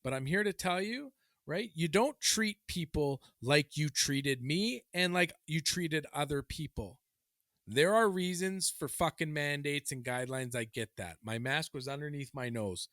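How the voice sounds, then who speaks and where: A man's voice: on the high side, a little slow, no room sound, clean studio sound. A man co-hosting a podcast in casual chat, ranting with heat and plenty of swearing. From Canada. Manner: heated, swearing, animated ranting. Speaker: podcast co-host.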